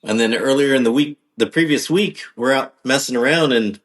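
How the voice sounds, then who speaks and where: A brisk, medium-pitched man appears as a guest on a podcast, where he is an off-road driver. He talks casually and rambles hesitantly, full of ums and restarts.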